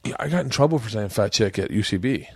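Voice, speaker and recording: A man's voice: fairly low pitch, quick pace, creaky, breathy edge, no room sound, studio quality. A middle-aged man hosting a podcast, chatting casually and acting out the voices in his stories, cursing often. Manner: animated storytelling, swearing freely, acting out quotes. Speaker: podcast host. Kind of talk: casual chat.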